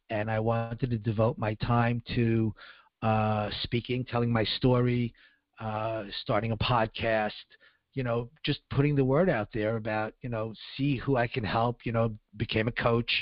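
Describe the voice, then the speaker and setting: A man's voice: medium pitch, no room sound. A man in his sixties, an interview guest telling a personal story in a rambling way with many fillers. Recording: dull dry lo-fi sound.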